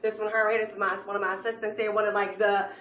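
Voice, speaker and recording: A woman's voice: medium pitch, little pitch movement, fast talker, a bit bright. A woman guest chatting in an easygoing way. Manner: easygoing, faith-minded. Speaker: interview guest. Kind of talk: casual chat. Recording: echoey, off-mic.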